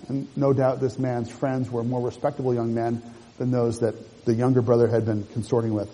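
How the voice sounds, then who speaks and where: A man's voice: mid-range voice, level tone, dark tone, breathy edge, big-room sound, low-quality recording. A man preaching a sermon, working through a passage verse by verse and explaining it to the congregation. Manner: measured expository preaching, rereads and explains verses. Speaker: pastor.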